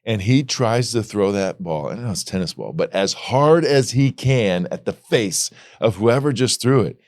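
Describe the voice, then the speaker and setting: A middle-aged man co-hosting a casual faith podcast, telling stories in a loose, animated way. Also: fairly low pitch, normal speed, no room sound, studio quality. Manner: storytelling, animated when retelling. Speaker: podcast co-host.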